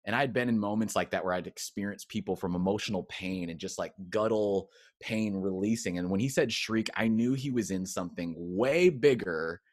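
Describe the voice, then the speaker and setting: A man, a former pastor turned coach, telling his story as an interview guest in a casual, animated way, acting out quotes. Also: fairly low pitch, normal speed, few pauses, no room sound, studio quality. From United States. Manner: casual, expressive, acts out quotes with big swings.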